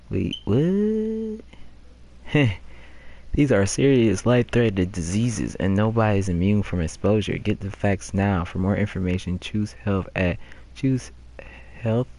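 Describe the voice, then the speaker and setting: Deep voice guy streaming a game, reads stuff out loud and laughs at it. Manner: reads in-game posters aloud, joking and laughing. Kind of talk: casual let's-play commentary.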